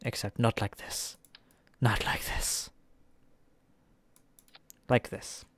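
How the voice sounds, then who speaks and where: A man giving relaxed live commentary on a game he is playing, chatting with viewers and laughing often. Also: lowish voice, drawn-out words, no echo. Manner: chatty, chuckling, talks to viewers. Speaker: streamer.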